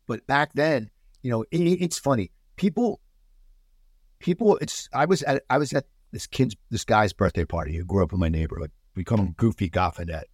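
Brief: middle-aged man, animated guest storyteller, dry close sound. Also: fairly low pitch, moderate pace, slightly rough, no room sound. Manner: animated storyteller, restarts a lot. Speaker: podcast guest. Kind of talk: casual podcast chat.

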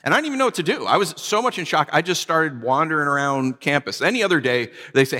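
Male pastor, 40s, conversational sermon delivery, forceful bright tone, church hall reverb. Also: a little high, lively intonation, quick pace, few pauses. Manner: storytelling, conversational, dropping to quiet for sad moments.

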